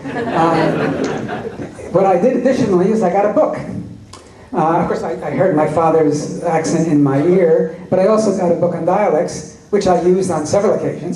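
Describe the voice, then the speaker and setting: Man, convention panel guest, wry anecdotal storyteller, fairly high voice, distant echoey hall capture. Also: mellow. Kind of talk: audience Q&A at a fan convention. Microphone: recorded from the audience. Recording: echoey hall recorded from far off.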